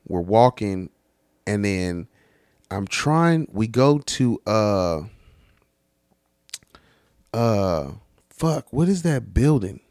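A young man from California casually telling a story, animated and laughing, heavy on slang and swearing. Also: fairly low pitch, dry recording, clean studio sound. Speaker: vlogger.

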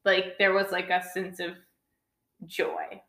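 A woman talks casually about films and rambles, full of "like" and restarts. Her voice is bright and clear. The room has a noticeable echo. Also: medium pitch, measured pace. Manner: rambling, many likes and restarts. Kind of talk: casual film review chat.

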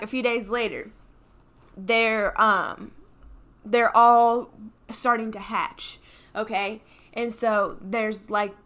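A woman co-hosting a comedy podcast, recapping a film in a casual, animated way with lots of fillers. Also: fairly high pitch. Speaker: podcast co-host. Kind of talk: casual stoner movie recap.

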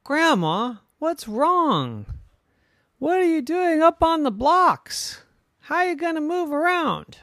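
A plucky little girl car with a squeaky, earnest voice, as a man puts her on. She sits far above his usual pitch and bounces up and down, with a dry, close sound. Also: big pitch swings, slow, sharp tone, no room sound, full character voice. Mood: puzzled.

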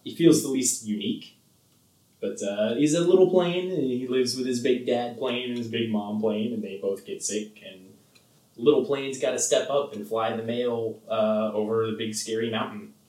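A man's voice: medium pitch, moderate pace, dark tone, recorded from a distance. A man co-hosting a podcast, rambling casually about a film with lots of fillers and laughs. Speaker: podcast co-host. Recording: roomy sound from off the mic.

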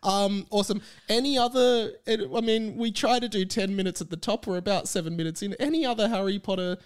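A woman's voice: medium pitch, a little fast. A woman hosting a podcast in casual chat, joking, teasing and often laughing. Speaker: podcast host.

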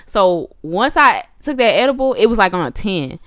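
A woman's voice: medium pitch, big pitch swings, normal speed, fairly bright tone, no echo, clean studio sound. A woman telling a story in casual chat, acting out her own panicked lines.

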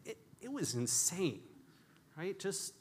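A man's voice: sits high, big pitch swings, takes it slowly, a little hiss or hum. A man giving a candid, storytelling conference talk with frequent restarts and self-deprecating humor. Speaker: conference speaker.

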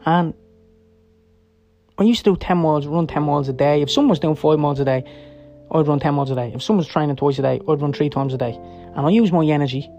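A man's voice: on the high side, darkish tone, muffled recording. A man, telling a personal story in a candid, rambling, profane way and checking in with his listener often. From Ireland. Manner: candid, rambling and profane, with frequent "yeah?" and "right?".

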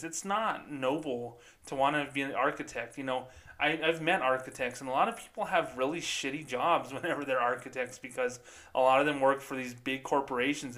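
A man's voice: medium pitch, pushed and bright. Man ranting sarcastically with profanity. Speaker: podcast host. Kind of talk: casual ranting commentary.

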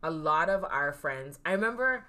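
A woman co-hosting a podcast in casual chat, animated and laughing often. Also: low-pitched, moderate pace. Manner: animated, laughing, mimics others. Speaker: podcast co-host.

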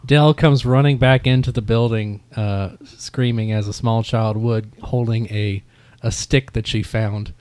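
A man narrating as game master of a tabletop game, in a relaxed, halting way. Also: fairly low pitch, clear, resonant tone, dry recording.

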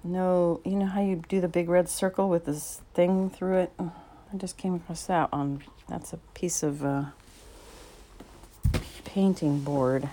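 A middle-aged woman painter talking casually to herself as she sets up, rambling and halting with many fillers, sometimes dropping to a soft whisper. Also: fairly low pitch, fairly even intonation. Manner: drops to a soft whisper now and then. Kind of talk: casual spoken vlog while setting up to paint.

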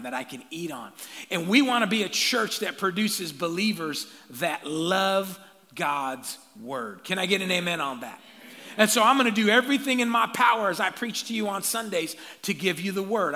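A male pastor preaching a sermon with energy, calling out to the congregation for answers and building to shouts. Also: high-pitched. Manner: energetic call-and-response preaching, rising to shouts. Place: church sanctuary. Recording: long reverb of a large church hall.

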